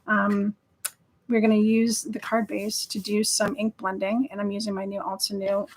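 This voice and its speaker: Chatty lady doing a live craft stream, gets excited and rambles a lot. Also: mid-range voice, moderate pace. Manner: chatty, enthusiastic, rambling with fillers. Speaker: craft livestream host. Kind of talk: casual live craft demo chat.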